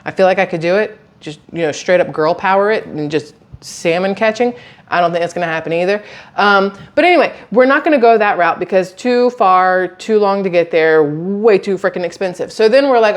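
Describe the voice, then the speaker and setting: A woman, chatting casually to camera in a rambling, animated way. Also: medium pitch, brisk. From southern United States. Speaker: vlogger.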